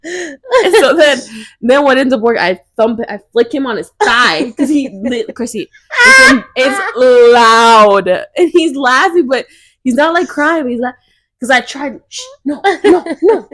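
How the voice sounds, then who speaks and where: A woman's voice: high-pitched, lively intonation, normal speed, a bit bright. A young woman co-hosting a podcast, telling a story in casual chat and laughing often as she talks. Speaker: podcast co-host.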